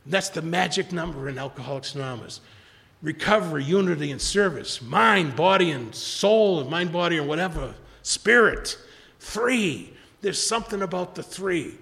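A man's voice: a little high, animated, normal speed, vocal fry, fairly bright tone, long reverb tail. An older man speaking at a recovery retreat, rambling and repeating himself, acting out quotes from others.

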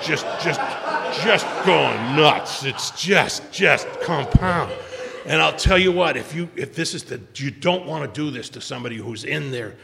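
An older man telling his own story at a recovery meeting, emotional and animated, acting out what people said. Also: medium pitch, creaky, long reverb tail. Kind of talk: personal storytelling talk.

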